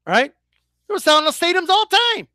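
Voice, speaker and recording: A man with a high voice, ranting in a casual vlog, rises and falls all over. He swears freely, trips over his words and keeps checking "right?" with his viewers. The sound is bright and dry. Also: fast, no echo. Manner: animated, stumbling restarts. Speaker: boxing commentator. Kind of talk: casual opinion rant.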